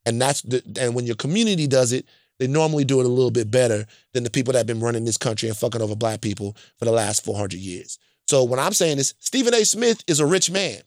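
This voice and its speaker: A man's voice: medium pitch, expressive, quick pace, no room sound. Emphatic storytelling man, dry sound. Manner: emphatic, repeats points, checks in with "right?"; profane and blunt. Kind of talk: casual storytelling chat.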